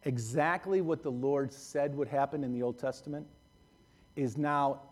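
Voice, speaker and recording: A man's voice: mid-range voice, steady tone, normal speed. A male pastor preaching in a conversational way, repeating phrases and laughing often. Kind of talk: sermon.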